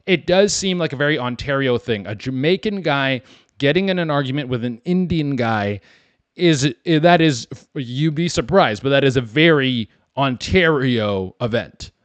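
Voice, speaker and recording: A man hosts a solo comedy podcast, riffing crudely and wandering off on tangents. His pitch swings up and down as he jokes along. The sound is close and dry, with no room in it. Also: lively intonation, moderate pace, dry recording.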